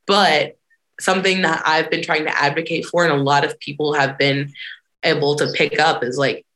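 A woman activist answering interview questions in a lively, conversational way, often acting out other people's voices. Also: low-pitched, normal speed. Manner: animated, acts out quoted voices. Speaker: activist guest.

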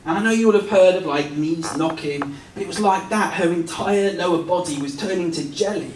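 A man giving a relaxed, self-deprecating sermon built around a family story, recorded in a church hall. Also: high voice, moderate pace, slight background noise. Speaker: pastor. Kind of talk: sermon with personal stories. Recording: roomy sound from a distance.

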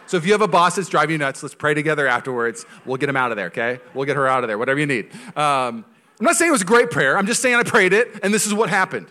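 A man in his thirties, a pastor preaching a sermon in a conversational, joking way that swings from quiet to loud. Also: on the high side, expressive, very fast.

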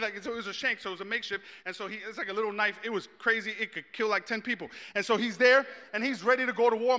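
A man telling a personal story in a sermon, animated and joking, acting out the people in it. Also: very high voice. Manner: animated, humorous, acts out the people he quotes. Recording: long reverb in a large hall.

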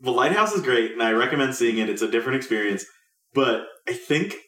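A man in a casual, animated chat about films, laughing often. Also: medium pitch, brisk, recorded from a distance. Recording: roomy, a bit off-mic.

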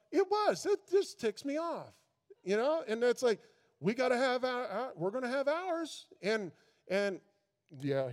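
High-voiced man preaching in a reverberant hall. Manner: conversational preaching that builds to fervent intensity. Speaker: pastor. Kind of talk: informal sermon. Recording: long reverb of a large hall.

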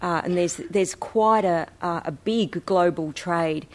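A woman presenting slides to an audience in a measured, explanatory way. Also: lowish voice. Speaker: presenter, co-editor of a book. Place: talk before an audience.

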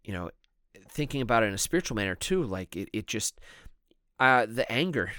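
A man's voice: fairly low pitch, sing-song, a little fast, sharp tone, clear, resonant tone, no echo, studio quality. A man, a priest co-hosting a podcast, talking in a casual, thoughtful way with many fillers and restarts.

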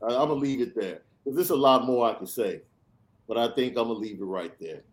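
A man's voice: medium pitch, quick pace. A man hosting a sports podcast, ranting with emphatic, sarcastic repetition. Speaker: podcast host. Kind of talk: animated sports podcast rant.

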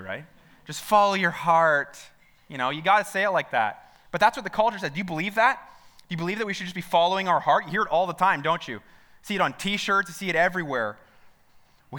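Male pastor, slightly high and bright voice, casual preaching with rhetorical questions. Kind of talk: sermon.

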